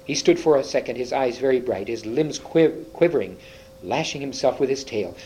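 A man's voice: mid-range voice, expressive, normal speed, warm tone, a little hiss or hum, poor audio. Man reading a children's book aloud. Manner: unpolished reading with slips and restarts. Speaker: reader.

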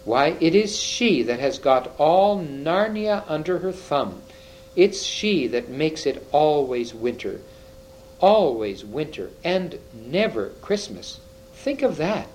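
A man's voice: on the high side, sing-song, slow pace, darkish tone, slight background noise, rough recording. Brief: a tearful, guilt-ridden storybook faun, put on by a male reader, raised voice that swings widely as he pleads between sobs. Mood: sorrowful. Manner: sobbing, groaning pleas.

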